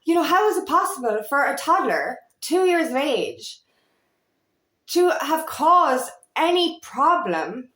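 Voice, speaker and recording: A woman's voice: sits high, very animated, takes it slowly, fairly bright tone. Candid thirties woman coach, echoey. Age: 30s. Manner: candid, rambling with many fillers and restarts. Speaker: feminine empowerment coach. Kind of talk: personal monologue to camera.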